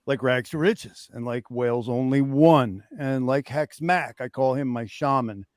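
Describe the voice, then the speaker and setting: A livestream guest in his fifties talks openly, using emphatic, profane language to rally those listening. His voice is mid-range and his pace measured. The audio is dry and cleanly studio recorded.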